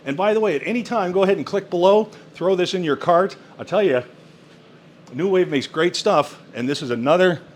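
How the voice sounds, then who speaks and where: A man's voice: high voice, fairly quick, a little hiss or hum. A man presenting a countertop cooker in a product demo, exclaiming with enthusiasm over the food. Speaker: product demonstrator.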